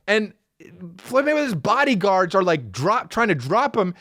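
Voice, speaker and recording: A man in his thirties hosting a casual comedy podcast, telling a story with lots of profanity, restarts and quick asides. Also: sits high, sing-song, a bit bright, dry recording, clean studio sound. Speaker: podcast host.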